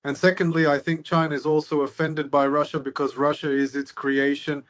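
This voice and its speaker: A man's voice: on the high side, flat delivery, a little fast, no room sound. A man giving political analysis as an interview guest, sardonic and expansive.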